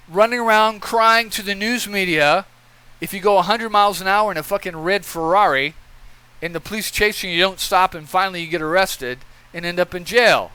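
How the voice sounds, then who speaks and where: A man's voice: high-pitched, normal speed, bright, forceful tone, smooth, poor audio. A man giving opinion commentary in a blunt, profane rant, lecturing and repeating his points.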